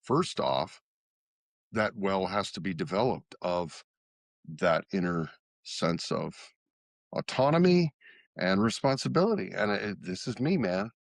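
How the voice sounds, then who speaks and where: Low-voiced guy on a podcast, lots of uh's and you know's, dry sound. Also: lively intonation, measured pace, gravelly, no echo. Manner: rambling, many fillers. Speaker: podcast co-host. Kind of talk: casual podcast chat.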